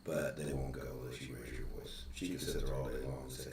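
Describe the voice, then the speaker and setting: A man's voice: rumbling low, level tone, quick pace, hardly any pauses, darkish tone. A man hosting a casual rambling chat, loose and joking. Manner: loose, joking, self-deprecating. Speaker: video host. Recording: echoey room with faint noise.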